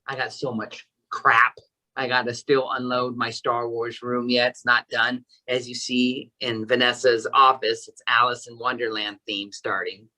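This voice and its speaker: A man, an entertainment coordinator, chatting as a guest in a casual interview and telling stories with excited, gushing energy. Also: mid-range voice, a little slow, rough recording.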